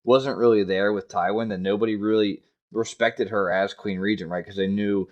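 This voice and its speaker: A man's voice: on the low side, steady tone, normal speed, muffled recording. A man co-hosting a podcast, chatting casually about a book chapter, cursing now and then and pushing back on the others. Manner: casual, swears, pushes back in debate. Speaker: podcast co-host.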